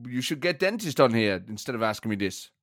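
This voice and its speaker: Bristling foreign football boss voiced by a man, broken English, lively swooping delivery, touchy and combative, dry booth. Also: medium pitch, quick pace, no echo, voice pushed down. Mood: defensive. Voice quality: broken English, defensive, bursts into threats.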